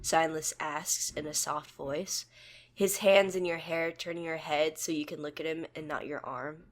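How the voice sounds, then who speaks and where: A woman narrates a second-person fan story in a plain, even way. Her voice sits a bit low. She moves steadily through the scene. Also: measured pace.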